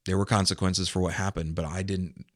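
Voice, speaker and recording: A man, a pastor, talking in a casual podcast discussion with earnest, animated emphasis. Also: low-pitched, fairly quick, dry recording, clean studio sound.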